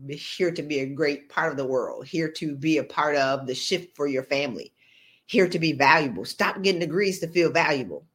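This is a low-pitched woman's voice at a moderate pace, delivering a motivational talk streamed live. Animated and preachy, she keeps breaking into jokes and performing short bits of dialogue.

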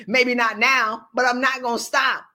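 In a streamed live talk, a woman with a fairly high voice gives a motivational talk at normal speed. She is animated and preachy, joking and acting out little scenes of dialogue as asides.

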